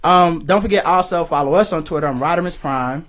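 A young man hosting a podcast in casual chat, laid-back and quick to laugh. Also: fairly high pitch, a bit bright. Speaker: podcast host.

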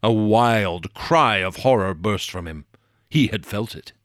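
A man narrating a classic horror tale in a measured, dramatic way, dropping low and slowing down for suspense. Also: expressive, a bit bright, dry recording, clean studio sound. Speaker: audiobook narrator. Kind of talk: dramatic horror story reading.

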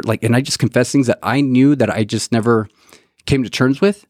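A man's voice: mid-range voice, fairly quick, darkish tone, dry recording, clean studio sound. A man around forty telling his faith testimony in casual chat, earnest and full of "dude" and "like". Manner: earnest, says "dude" constantly.

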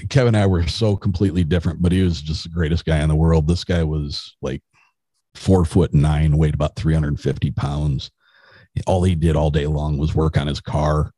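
A man's voice: rumbling low, steady tone, normal speed, mellow, slightly rough, no echo. A middle-aged man, a podcast guest, telling a story in a rambling casual way with restarts.

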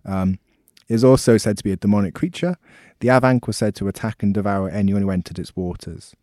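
Male co-host, chatty and rambling, warm low voice. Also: fast talker, no room sound, studio quality. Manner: chatty, stumbling restarts. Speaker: podcast co-host. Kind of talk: casual chat.

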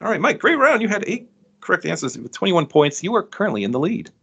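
A man running a quiz show whose voice rises and falls as he reads out each question. He keeps a quick, amused pace as he marks the answers correct. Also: sits high, sing-song, gravelly, sharp tone, breathy edge. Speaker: quiz host. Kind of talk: reading trivia questions, podcast.

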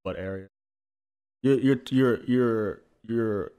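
A man's voice: deep voice, takes it slowly, darkish tone. A man in a casual chat with a friend, laid-back and laughing often, sometimes repeating his words.

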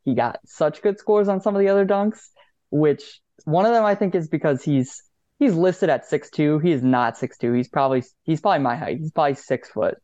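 Mellow-voiced man, dull lo-fi sound. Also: a little high, brisk, no echo. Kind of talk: casual sports chat.

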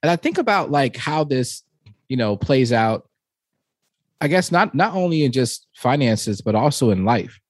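A man in his thirties co-hosting a casual podcast, telling stories in an animated way with many fillers and bursts of laughter. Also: mid-range voice, normal speed, no room sound, studio quality. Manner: animated storyteller, frequent fillers, laughs while talking. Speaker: podcast co-host.

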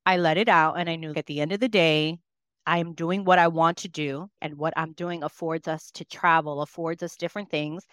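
A woman's voice: low voice, fairly even intonation, moderate pace, fairly bright tone, no room sound, studio quality. A woman in her thirties, a working mother, speaking earnestly and with emotion in a podcast conversation. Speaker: podcast guest.

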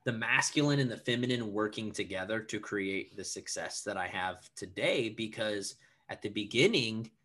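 Bright-voiced animated man. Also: on the low side, moderate pace. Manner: animated, lots of filler words, acts out quotes. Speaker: podcast guest. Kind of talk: casual podcast talk.

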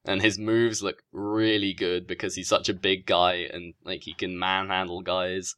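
A man's voice: low-pitched, flat delivery, normal speed, fairly bright tone, smooth. A man with a Southern US accent co-hosting a casual show, giving opinionated reviews and laughing often. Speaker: podcast co-host. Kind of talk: casual wrestling review chat.

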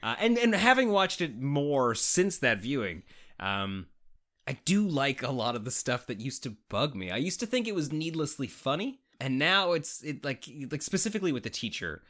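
Man from Canada, podcast co-host, expressive rising and falling delivery, casual and profane. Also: mid-range voice, moderate pace. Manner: animated, swearing, laughing, talks in bursts with restarts. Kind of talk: casual chat.

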